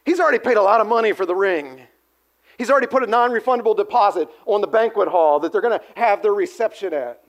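A pastor preaching a sermon, telling the story animatedly and asking the audience to answer. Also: male voice, sits high, quick pace. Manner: animated storytelling, acts out quotes, asks the audience.

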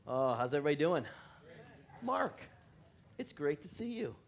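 A man's voice: fairly high pitch, a little hiss or hum. A male pastor giving a loose, joking sermon in a church, often chuckling, making fun of himself and rambling between asides. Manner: chuckling, self-deprecating, rambling. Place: church in California.

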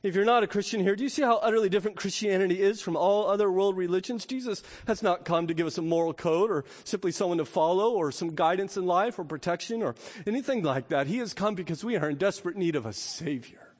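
Male pastor, middle-aged, high voice, sermon with dramatic rises and soft asides, echoing church hall. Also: quick pace, few pauses. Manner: rising to emphatic peaks, then dropping to quiet asides. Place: church sanctuary. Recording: long reverb of a church hall.

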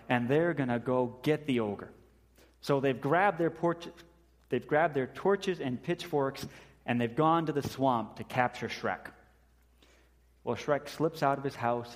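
A male pastor delivers a sermon, moving from scripture reading into lively storytelling. He acts out the quotes he tells. His mid-pitched voice carries a long reverb, as if heard in a large church hall.

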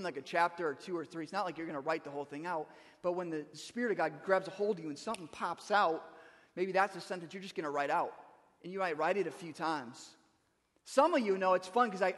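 A man's voice: high-pitched, a bit bright, in a large hall. A man preaching a sermon as pastor, talking conversationally and repeating words as he starts a thought.

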